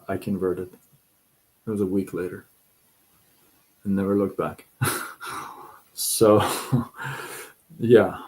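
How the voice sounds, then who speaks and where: Middle-aged guy rambling thru a story on his live stream, slow and mellow. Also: on the low side. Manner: rambling, repeats himself, quotes people in voices. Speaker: livestream host. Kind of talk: casual storytelling chat.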